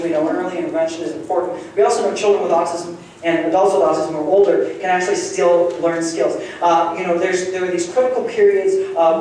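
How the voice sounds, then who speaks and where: A man's voice: high voice, a little mellow. A man giving a conversational, good-humored public lecture to a community audience and taking questions. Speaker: guest lecturer. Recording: roomy hall sound from far off, faint noise.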